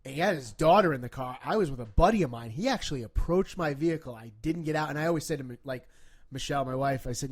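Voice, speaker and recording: Man, podcast guest, slightly high voice, rambling, profane, self-deprecating. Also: quick pace. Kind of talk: casual podcast chat.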